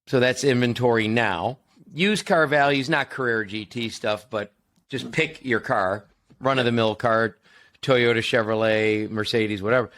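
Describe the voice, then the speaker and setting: A man's voice: mid-range voice, steady tone, moderate pace, a bit bright. American man hosting a casual chat. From United States. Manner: conversational, explains with asides and restarts. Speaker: podcast host.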